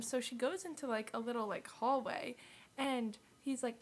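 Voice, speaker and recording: A woman's voice: fairly high pitch, breathy edge. A young woman co-hosting a podcast, telling a chatty story full of "like" in casual conversation. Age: young adult. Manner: chatty storytelling, heavy use of "like", quick to laugh. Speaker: podcast co-host. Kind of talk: casual chat.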